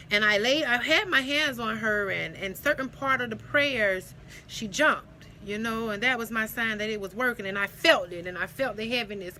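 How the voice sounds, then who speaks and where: A young woman from South Carolina, a spiritual healer, gives an emphatic, animated testimony to camera, repeating phrases and laughing often. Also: mid-range voice, a little hiss or hum. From South Carolina, USA. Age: young adult. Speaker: spiritual healer promoting her services.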